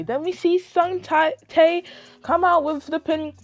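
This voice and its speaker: A woman's voice: high-pitched, measured pace, no room sound. A young woman telling a story to her vlog audience, dramatic and swearing, acting out her own reactions. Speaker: YouTube vlogger. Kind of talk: animated storytime retelling.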